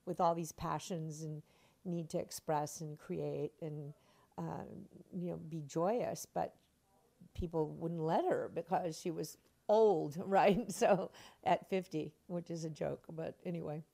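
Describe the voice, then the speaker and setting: Being interviewed, an older stage actress tells animated anecdotes with plenty of expression, laughing often and acting out quotes. Her deep, gravelly voice moves at an unhurried pace.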